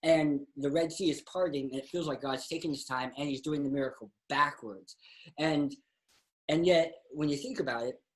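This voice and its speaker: A man's voice: on the high side, moderate pace, poor audio. A man speaks as a guest preacher recounting his own struggle. He tells it conversationally and with animation, and he slips into other people's voices as the story unfolds. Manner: animated storyteller who acts out dialogue. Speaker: guest, pastor and singer. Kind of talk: personal faith story, conversational.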